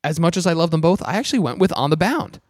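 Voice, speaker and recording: A man's voice: on the high side, lively intonation, fast, faint music behind. Joking, swearing male podcast co-host. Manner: joking, swears often, crude banter. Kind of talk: casual chat, reading lyrics aloud.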